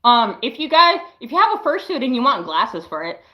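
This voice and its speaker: A young woman in her late teens chatting casually on a livestream, showing her craft work in a slow, hesitant way with lots of "um"s. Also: sits high, sing-song, echoey room, dull audio. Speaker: livestreamer and fursuit maker.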